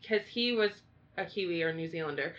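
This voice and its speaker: A woman co-hosting a casual chat, rambling and animated with many fillers. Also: lowish voice, fairly quick. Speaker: podcast co-host. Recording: dull lo-fi sound.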